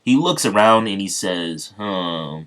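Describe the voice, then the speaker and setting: A man's voice: low voice, measured pace, a bit bright. A man casually retelling an improvised fan story, rambling with many fillers and restarts.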